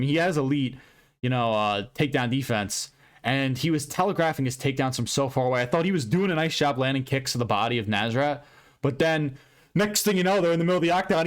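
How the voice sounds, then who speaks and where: A man giving a casual, profane and rambling recap of a fight card, with bursts of excitement. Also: mid-range voice, fast talker. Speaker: MMA commentator recapping fights.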